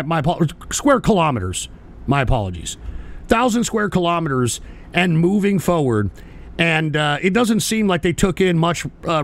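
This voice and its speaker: Gravelly, furious ranting livestream host. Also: male voice, on the high side. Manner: profane, exasperated, stammering restarts. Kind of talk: angry livestream rant.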